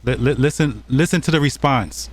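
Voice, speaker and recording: A man's voice: medium pitch, moderate pace, a crowd in the background. Heated man preaching over a clip. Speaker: commentary vlogger. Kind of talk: angry reaction commentary.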